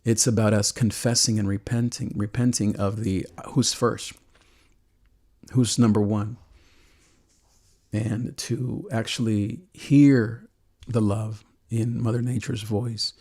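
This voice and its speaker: A man hosting a call-in show, talking earnestly and emotionally about faith and love, with frequent restarts and soft laughs. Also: on the low side, little pitch movement, slow, slightly rough. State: choked with emotion. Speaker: host.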